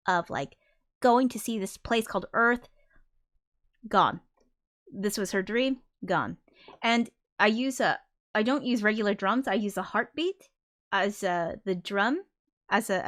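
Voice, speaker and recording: A woman with a medium-pitched, slightly bright voice hosts a casual livestream. A songwriter, she thinks aloud while explaining her songs, occasionally singing a line to illustrate her point.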